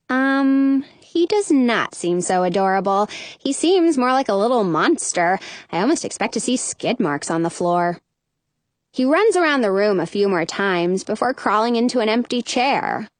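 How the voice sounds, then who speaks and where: A woman reading a first-person children's story aloud with expressive storytelling. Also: mid-range voice, dry recording. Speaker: audiobook narrator.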